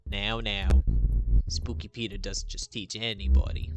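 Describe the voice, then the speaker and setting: A man's voice: lowish voice, flat delivery, unhurried, loud music behind the voice, lightly acted. A man voicing a boastful old male ghost in a top hat, with a put-on Cockney accent and a theatrical, swaggering delivery. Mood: lecturing. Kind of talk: game character voicing by a streamer.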